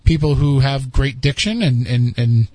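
A man's voice: medium pitch, measured pace, darkish tone, slightly rough, no room sound. A man hosting a podcast, chatting casually and rambling with frequent restarts. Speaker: podcast host. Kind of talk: casual chat.

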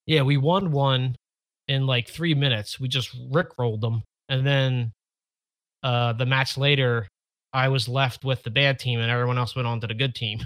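A man's voice: mid-range voice, steady tone, normal speed, a bit bright, no echo. A man co-hosting a casual gaming podcast, talking bluntly and dismissively. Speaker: podcast co-host. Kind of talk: casual chat.

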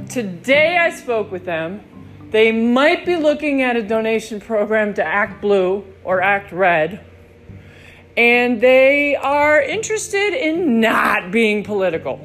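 A woman hosting her own podcast in a rambling, excitable monologue, swearing freely. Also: on the high side, slow, soft background music. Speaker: podcast host. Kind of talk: casual monologue.

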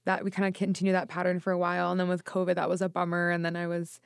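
A woman's voice: on the low side, completely flat delivery, rapid-fire, gravelly, clear, resonant tone, dry recording, studio quality. A young adult woman, chatting casually as a podcast guest, full of fillers. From United States. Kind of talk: casual chat.

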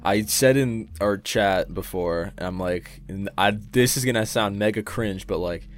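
A man's voice: fairly low pitch, a little slow. A man hosting a casual podcast, joking around and swearing with his guest. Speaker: podcast host.

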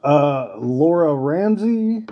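A man's voice: fairly high pitch, expressive, very slow, lo-fi sound. A man hosting a podcast in casual chat, rambling and swearing now and then. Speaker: podcast host.

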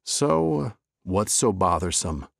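A man voicing a wise, chatty old male rabbi in a told story, lifting his voice higher and teasing gently. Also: very animated, slow, gravelly, no room sound, studio quality, heavily acted. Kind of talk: storybook character voice.

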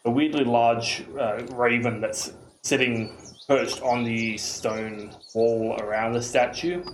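A man's voice: mid-range voice, roomy sound, a little hiss or hum, low-quality recording. A man narrating as game master, hesitant and full of fillers. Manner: rambling, hesitant, many fillers.

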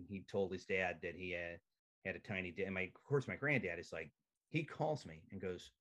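A male comedian telling a profane, animated comic story as a podcast guest over a video call. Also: low-pitched, fairly quick.

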